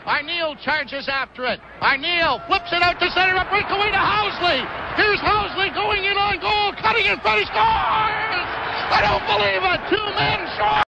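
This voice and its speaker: A man calls live hockey at a very high, gravelly pitch, his voice breaking into shouts. It is a dull, lo-fi archive broadcast, with a huge crowd and heavy noise behind him. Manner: shouting, rapid play calls. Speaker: play-by-play announcer. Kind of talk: excited live sports commentary.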